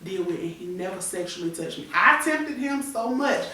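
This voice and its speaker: A woman's voice: mid-range voice, expressive, normal speed, bright, forceful tone. A woman in her thirties tells a painful personal story with candor, slipping into the voices of the people she quotes. Her voice rings around a strongly echoing room. She sits well back from the microphone. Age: 30s. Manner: candid, tearful retelling with acted-out quotes. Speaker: guest. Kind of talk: emotional personal storytelling on a talk show. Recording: echoey room, voice from far off the mic.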